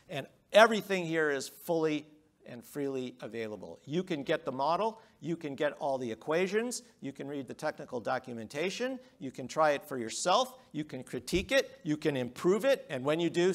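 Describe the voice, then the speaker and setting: A middle-aged man giving a public lecture, emphatic, with rhetorical questions and swings between loud and quiet. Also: fairly high pitch. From United States.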